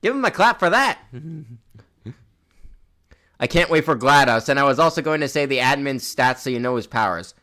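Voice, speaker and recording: A man's voice: mid-range voice, animated, normal speed, long pauses, bright, forceful tone. A young man streaming a game in casual chat, rambling and restarting his words, with a slightly sore throat. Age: young adult.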